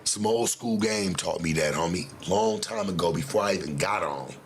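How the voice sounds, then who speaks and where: A man's voice: low voice, normal speed, a little hiss or hum. Confrontational man ranting on a livestream. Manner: confrontational, slangy street talk. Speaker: livestream host. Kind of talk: livestream rant.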